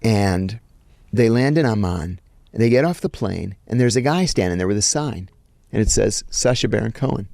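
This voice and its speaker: Man, middle-aged, gravelly voice, dry close sound, lively storyteller. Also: medium pitch, no room sound. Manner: animated anecdote teller, acts out quoted lines. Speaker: guest, former intelligence officer. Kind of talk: storytelling in an interview.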